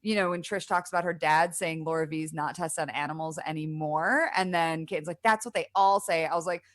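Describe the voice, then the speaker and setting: A woman co-hosting a podcast, giving blunt, lively opinions in casual chat. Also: deep voice, a little fast. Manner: lively and blunt, mild swearing. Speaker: podcast co-host. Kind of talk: casual chat recapping an episode.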